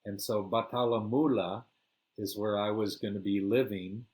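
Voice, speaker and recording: An older man telling a first-person travel story, relaxed and rambling with fillers. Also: fairly low pitch, normal speed. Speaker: storyteller host.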